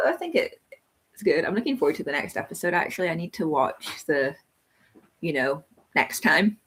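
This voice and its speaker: A woman's voice: deep voice, a little hiss or hum. A woman hosting a live book club stream, rambling casually about a TV episode and thinking aloud with lots of ums.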